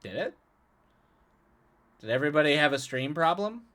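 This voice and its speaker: A man's voice: a little high, very animated, normal speed, bright, forceful tone. A man talking casually as a live streamer, chatting with viewers, often laughing and repeating words as he restarts his sentences.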